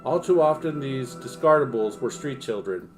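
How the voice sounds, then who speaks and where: A man's voice: mid-range voice, animated, moderate pace, soft background music. A man on a home livestream reading nonfiction aloud and breaking off into profane, self-mocking asides. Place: home streaming setup.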